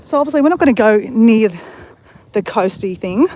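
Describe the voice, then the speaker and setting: An Australian woman chats eagerly to her viewers on a phone live stream while out on a walk along the coast. Her voice sits a bit high, and steady wind noise buffets the phone mic as she talks. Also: normal speed, poor audio. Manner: enthusiastic, addresses viewers constantly. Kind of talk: casual live-stream chat. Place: outdoors on a windy coastal walk. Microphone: phone held for live stream.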